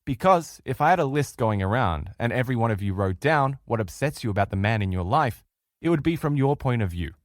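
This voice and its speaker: A man's voice: mid-range voice, lively intonation, fairly quick, no echo, studio quality. A middle-aged man with an Australian accent teaching a relationship course in an earnest, emphatic way, speaking straight to his listeners. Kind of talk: recorded lecture.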